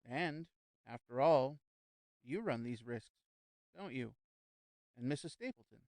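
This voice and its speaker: A man voicing a young gentleman who speaks in a composed, lightly amused way. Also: mid-range voice, animated, unhurried, no echo. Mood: calm. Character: young gentleman, calm, wry and unshaken.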